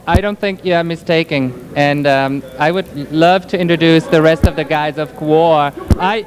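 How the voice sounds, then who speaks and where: A man's voice: a little high, steady tone, moderate pace, noisy background. A man with a German accent, interviewing a band in a rock club, polite and a bit hesitant. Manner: hesitant, polite, laughs off insults. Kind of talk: casual interview.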